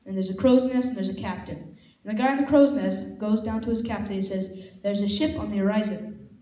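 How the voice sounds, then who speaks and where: Before a laughing crowd, a stand-up comedian holding a mic tells rambling stories at his own expense and plays the characters in them. His voice sits high with a dark tone and fairly even intonation, moving a little fast, captured in an echoey room with faint noise.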